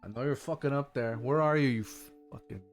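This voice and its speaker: A man's voice: medium pitch, a little fast, soft background music, close to an everyday voice. A man voicing a grumpy, foul-mouthed adventurer who swears irritably in a tabletop game. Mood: irritated.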